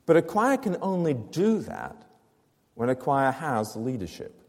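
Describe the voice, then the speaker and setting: A man's voice: medium pitch, wildly swooping pitch, measured pace, a little mellow, big-room sound. A man preaching a sermon to his congregation, explaining a scripture passage with rhetorical questions and emphatic repetition. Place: church.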